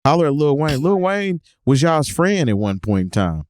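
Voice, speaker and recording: A man's voice: fairly high pitch, big pitch swings, normal speed, a little mellow, dry recording, studio quality. A man co-hosting a hip hop podcast, giving mock-stern, opinionated rants in casual chat. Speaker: podcast co-host.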